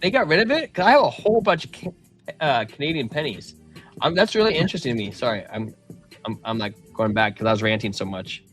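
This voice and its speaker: A man co-hosting a live show, talking in a rambling, animated way and telling long stories in casual chat. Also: medium pitch, quick pace, faint music behind. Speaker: podcast co-host.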